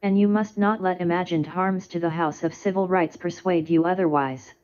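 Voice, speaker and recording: A woman in her thirties delivers a formal defense speech in a legislative chamber, building her points with a deliberate, rhetorical cadence. Her voice sits on the low side. The sound is dull and lo-fi, like an old archival broadcast. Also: steady tone, darkish tone. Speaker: defense lawyer addressing the Senate.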